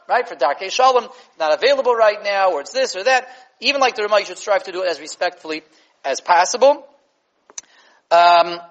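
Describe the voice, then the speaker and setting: Man, rabbi, Torah lesson, high voice, muffled lo-fi recording. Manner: animated, with many fillers and restarts. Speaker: rabbi teaching a class.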